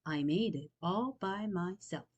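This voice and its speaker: A woman's voice: lowish voice, unhurried, muffled recording. A woman voicing a proud young bear in a children's storybook reading, speaking firmly and sternly. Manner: firm, stern when upset.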